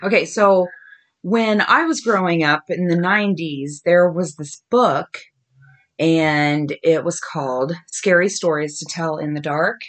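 Here a podcast host in her thirties, speaking in a deep voice, reads frightening stories to her daughter. Lively giggles mix with slow, groaning renditions of the spooky parts.

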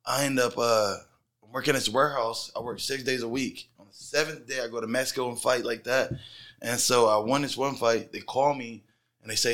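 A middle-aged man on a casual podcast, telling his fight stories with animated energy and plenty of swearing. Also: medium pitch, brisk. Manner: animated storyteller, heavy swearing.

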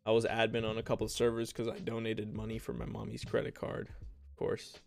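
Casting: young male podcast host, low gravelly voice, loose rambling solo chat, faint music underneath. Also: completely flat delivery, fairly quick. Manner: rambling, self-deprecating, laughs often.

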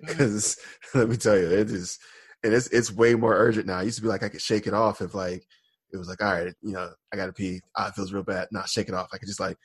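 A man's voice: lowish voice, steady tone, quick pace, slightly rough, dry recording. A man co-hosting a podcast, telling a rambling story in casual chat with lots of fillers and laughter. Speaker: podcast co-host.

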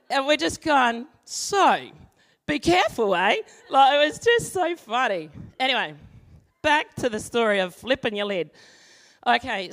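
A woman giving a sermon, moving from an animated story with acted-out voices to calm teaching and prayer. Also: a little high. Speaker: church speaker. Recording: long hall reverb.

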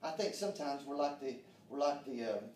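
Fervent preacher, echoey and distant. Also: male voice, mid-range voice, expressive, brisk, darkish tone, a little hiss or hum. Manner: folksy, fervent preaching with frequent amens. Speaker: pastor. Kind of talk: sermon. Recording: roomy echo, distant from mic.

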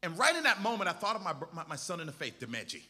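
A man's voice: high-pitched, wildly swooping pitch, racing, bright, forceful tone, in a large hall. A male pastor preaching a sermon with impassioned, repetitive exhortations.

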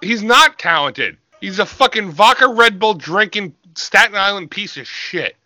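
A man's voice: sits high, expressive, a little slow, bright, forceful tone, dry recording. A man co-hosting a podcast, sarcastic and profane as he picks apart old wrestling. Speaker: podcast co-host. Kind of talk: crude comedic podcast banter.

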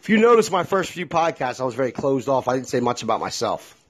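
A man's voice: medium pitch, big pitch swings, fast, breathy edge. A middle-aged man hosting a solo podcast, talking bluntly and with a lot of feeling, swearing freely as he speaks his mind. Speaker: podcast host. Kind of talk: candid solo podcast monologue.

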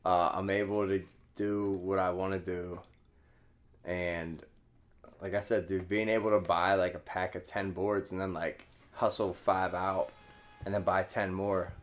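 A man's voice: sits low, level tone, unhurried. A young man casually telling his life story as a podcast guest, laughing often and swearing freely.

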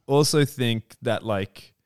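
A man's voice: medium pitch, slow pace, darkish tone, smooth, no echo, clean studio sound. A man co-hosting a podcast, rambling and leaning heavily on filler words. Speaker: podcast co-host. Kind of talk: casual podcast chat.

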